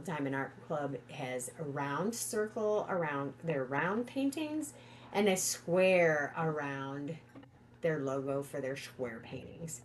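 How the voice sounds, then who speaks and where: A middle-aged woman chatting casually on a livestream from home, gushing and excitable. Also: low voice, a little hiss or hum. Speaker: livestream host.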